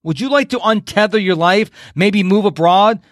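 A man from upstate New York hosting a podcast, talking in a high-energy, jokey, animated way. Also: moderate pace, no echo, clean studio sound. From Rochester, New York. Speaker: podcast host. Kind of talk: casual interview chat.

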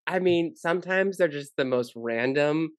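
A man's voice: fairly high pitch, moderate pace, dry recording, clean studio sound. A man co-hosting a casual podcast, rambling through stories with lots of fillers. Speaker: podcast co-host.

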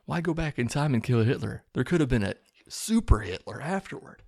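A man casually recapping a movie plot with a sarcastic edge, acting out the characters' lines in quick bursts. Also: mid-range voice, big pitch swings, creaky, darkish tone, no echo, clean studio sound. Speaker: movie reviewer recapping a film.

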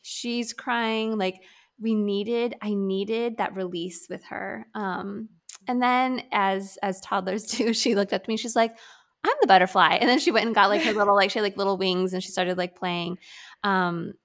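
A woman's voice: mid-range voice, fairly even intonation, a little slow, fairly bright tone. A woman in her thirties talking candidly about grief in a casual conversation, with many fillers.

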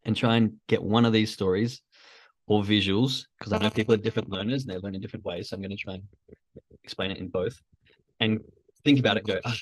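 Low-voiced man giving a casual motivational talk. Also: steady tone, fast talker, dry recording. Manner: conversational, uses many fillers, acts out quoted thoughts. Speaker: podcast host.

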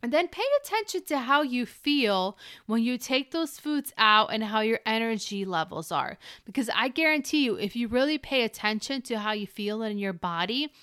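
A woman's voice: a little high, expressive, moderate pace, a bit bright, clean tone, no room sound. A woman hosting a solo podcast as a keto coach, chatty and encouraging, talking straight to the listener from a close mic. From Ukrainian family.

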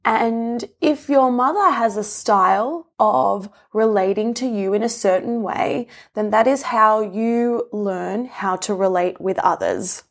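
A woman's voice: mid-range voice, slow pace, creaky, hardly any pauses. A young adult woman talking in a casual, earnest way, explaining ideas and sharing personal stories with laughs and asides. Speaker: relationship speaker. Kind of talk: reflective explanatory talk.

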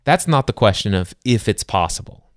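A middle-aged man with a lowish, animated voice co-hosts a podcast at normal speed, recorded in studio quality with no echo. He talks earnestly and conversationally through a faith-based self-help book, asking rhetorical questions and often restarting his sentences.

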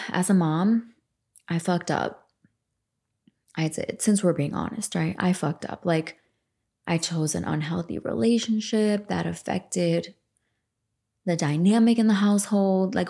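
A woman's voice: on the low side, gravelly, dark tone, slightly rough. A woman in her forties hosting a self-help podcast, talking candidly in a rambling, casual way and swearing freely. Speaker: podcast host. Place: home room facing a lake.

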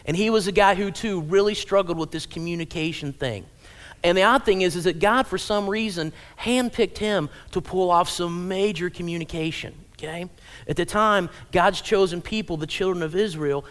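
A man's voice: sits high, moderate pace, a bit bright. A male pastor giving a conversational, humorous sermon in a church, often checking in with the congregation. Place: church sanctuary.

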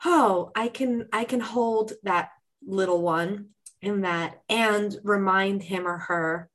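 A woman talking as a guest on a podcast, warm coaching chat that acts out inner voices with lively shifts. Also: medium pitch, takes it slowly, poor audio. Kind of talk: casual interview chat.

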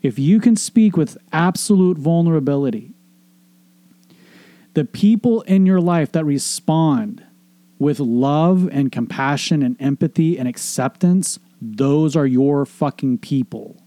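A man's voice: fairly high pitch, unhurried, dark tone, no room sound. A middle-aged man hosting a show, giving an earnest, emphatic motivational monologue on relationships, with casual swearing and repeated phrases. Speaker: podcast host, relationship coach.

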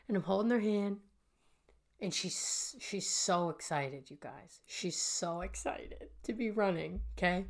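A woman's voice: mid-range voice, unhurried. A woman in her thirties hosting a podcast, telling a personal story and speaking earnestly and directly to her listeners. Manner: earnest, addresses listeners directly as "you guys". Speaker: podcast host and healing coach.

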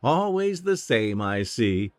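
A man's voice: mid-range voice, big pitch swings, slow pace, no room sound, pitched above the performer's own voice. A man voicing a flirtatious middle-aged female tavern keeper in an audiobook, with a teasing, sultry way of talking.

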